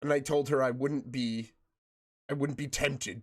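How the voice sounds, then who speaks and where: This man speaks at medium pitch, fairly evenly and a little slowly. He's gaming live and chatting casually with his audience, joking and welcoming people by name. A lingering chest cold keeps making him cough.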